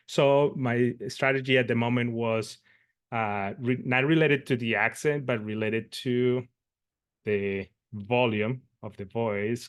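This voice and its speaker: A man presenting at a workshop, an interpreter who tells a work story in an earnest, meandering way, pausing to find his words. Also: on the low side, no echo, clean studio sound. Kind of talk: conversational workshop talk, telling a work story.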